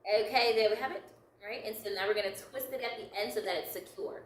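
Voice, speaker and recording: A woman's voice: on the high side, fast, reverberant, distant mic, rough recording. A woman leading a step-by-step craft tutorial, upbeat and encouraging, laughing lightly at her own slips. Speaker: craft instructor.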